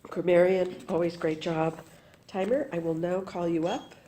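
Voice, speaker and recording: A woman's voice: on the low side, steady tone, normal speed, dark tone. A woman chairing a club meeting, calling up speakers and praising them with frequent laughs. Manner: encouraging, laughs often.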